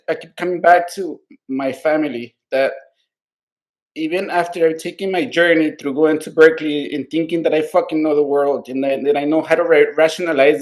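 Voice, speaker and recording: Earnest, swearing man, slightly high voice. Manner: earnest, rambling, heavy swearing, constant "right?" tags; heartfelt, openly emotional about his values. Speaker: podcast co-host. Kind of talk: casual political podcast discussion.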